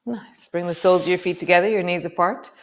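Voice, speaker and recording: A woman teaching a yoga class, giving calm, slow movement cues with soft trailing words. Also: fairly low pitch, slight background noise. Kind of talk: guided yoga class instruction.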